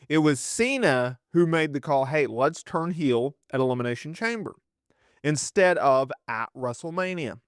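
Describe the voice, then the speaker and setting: A man giving opinionated wrestling news commentary, animated and sarcastic, often acting out quotes in mock voices. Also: mid-range voice, clean tone, dry recording, studio quality.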